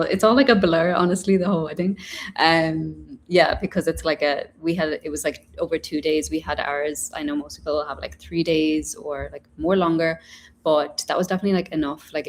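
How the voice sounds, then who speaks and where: A woman's voice: deep voice, a little hiss or hum, low-quality recording. A young woman from Ireland, chatting casually on a livestream, rambling with lots of fillers and slipping into Hindi. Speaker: livestream host. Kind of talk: casual live chat, reading comments.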